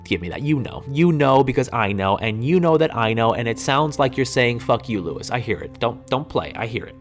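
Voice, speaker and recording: A man plays a sarcastic, short-fused guy who mocks with a raised, sneering voice. His lines sound pitched up and pushy. Faint music runs under the scene. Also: animated, quick pace. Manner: sarcastic, mocking. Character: sarcastic, hot-tempered man fed up with a meditation guide. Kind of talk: comedy sketch.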